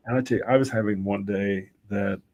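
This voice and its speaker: A middle-aged man, a guest on a talk show, telling lively anecdotes in a relaxed conversational way and often quoting himself. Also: fairly low pitch, fairly quick. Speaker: guest, voice-over and public speaking teacher. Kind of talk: casual conversational storytelling.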